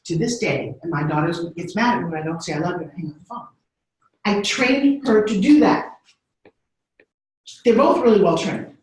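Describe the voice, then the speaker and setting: The voice of a middle-aged woman who tells stories with lively energy, slipping into little voices as she goes. It sounds very echoey, as if she is standing well away from the mic in a big bare room. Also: medium pitch, moderate pace, far from the mic. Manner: animated, acts out voices. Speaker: speaker. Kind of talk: storytelling talk.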